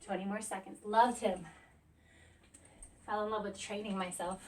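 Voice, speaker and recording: A woman's voice: mid-range voice, fairly even intonation, normal speed, long pauses. A woman in her thirties leading a workout while doing it, counting down reps and cheering between breaths. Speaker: fitness instructor. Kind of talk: coaching a workout while exercising. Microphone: camera on a tripod at a distance. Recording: voice from a distance.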